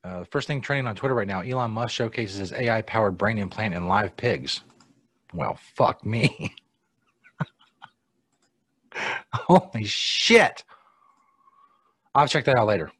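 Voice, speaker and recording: A man's voice: lowish voice, husky, no echo. A man hosting a show, ranting casually and swearing about callers who fail to turn up. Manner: exasperated, swears a lot, rants at absent callers. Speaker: podcast host. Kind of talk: casual profane chat.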